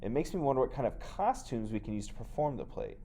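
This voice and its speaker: Guy teacher talking through a play for his class, animated, thinking out loud. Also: mid-range voice, fast, slight background noise. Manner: explaining, thinking aloud. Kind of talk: reading aloud with commentary for a class.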